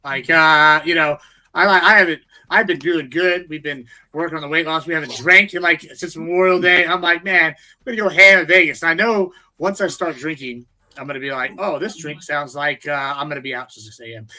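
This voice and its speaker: A man's voice: a little high, a little fast, sharp tone. A man in casual group chat, joking and rambling with lots of fillers. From Texas.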